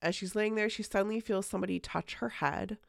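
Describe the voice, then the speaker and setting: A woman's voice: mid-range voice, steady tone, brisk, vocal fry, no echo, clean studio sound. A woman hosting a podcast, telling a story in casual chat, full of "like" fillers and casual swearing. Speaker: podcast host.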